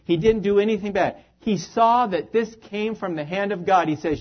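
A man's voice: sits high, moderate pace, hardly any pauses, dull audio. A man preaching a sermon in an earnest, emphatic way, letting his phrases fall away at the ends.

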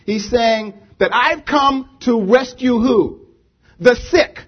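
A man's voice: very high voice, takes it slowly, slightly rough, highs cut off. A man preaching a sermon to a congregation, emphatic, repeating rhetorical questions. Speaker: pastor. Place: church with a congregation.

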